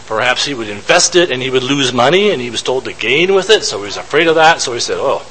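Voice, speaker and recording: A man's voice: mid-range voice, lively intonation, quick pace, fairly bright tone, slight background noise, low-quality recording. A man giving an informal Bible teaching, thinking aloud and posing rhetorical questions to his listeners.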